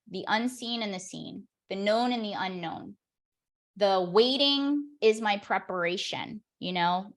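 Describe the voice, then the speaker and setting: A woman performance coach leading an online workshop over a video call, talking straight to her audience in an energetic, encouraging way. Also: mid-range voice.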